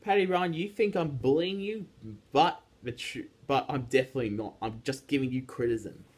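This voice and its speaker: Teenage boy, husky voice, rambling rant, lots of restarts. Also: mid-range voice, moderate pace, a little mellow. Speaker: YouTube ranter. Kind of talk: casual rant vlog.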